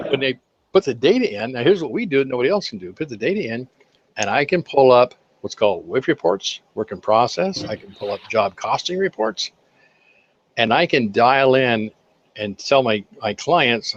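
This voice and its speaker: An older man, the guest of an interview, telling folksy, animated anecdotes about his accounting work with contractors and acting out the quotes. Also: medium pitch. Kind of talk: casual interview storytelling. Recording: slightly dull lo-fi sound.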